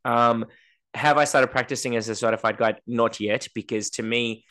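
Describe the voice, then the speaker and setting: A man's voice: medium pitch, fairly even intonation, moderate pace, a bit bright. A man co-hosting a podcast in casual chat, telling stories and acting out the voices of the people he quotes. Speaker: podcast co-host.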